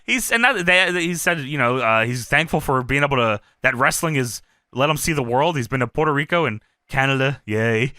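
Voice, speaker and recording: A man co-hosting a wrestling review podcast, telling the story in an animated, profane, laughing way. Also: medium pitch, fairly quick, hardly any pauses, no room sound, studio quality. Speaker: podcast co-host. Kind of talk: casual retro review chat.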